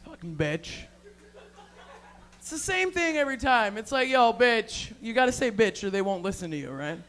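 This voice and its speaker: A woman doing a live stand-up set on a bar stage, with brash, crude, loud confessional jokes on a handheld mic. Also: mid-range voice, sing-song, moderate pace. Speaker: stand-up comic.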